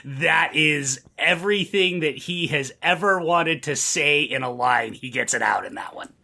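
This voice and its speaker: A man's voice: fairly high pitch, expressive, unhurried, creaky, sharp tone. An American man co-hosting a casual movie podcast, telling stories with wry amusement. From United States. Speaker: podcast co-host. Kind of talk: casual movie-review chat.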